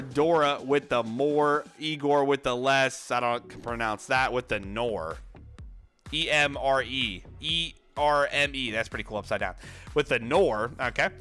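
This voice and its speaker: Breathless, excitable male livestream host. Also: mid-range voice, faint music behind. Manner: energetic, reads viewer names rapidly, excitable outbursts. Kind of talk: casual livestream chat.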